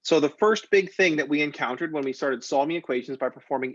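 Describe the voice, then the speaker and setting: A man's voice: a little high, fast, few pauses, no echo, muffled recording. A man teaching a math class in a recorded lecture, talking in a conversational, jokey way that drifts off topic. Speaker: math instructor.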